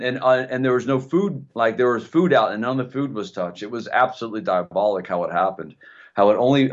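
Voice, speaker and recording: A man with a low voice tells an animated story in casual chat, stumbling over restarts and repeated words. His voice comes through dull and lo-fi. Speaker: co-host. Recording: dull lo-fi sound.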